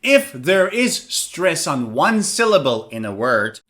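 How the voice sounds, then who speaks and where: Lively high-voiced man teaching pronunciation. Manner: lively and animated, drills words slowly for repetition. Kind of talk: online video lesson.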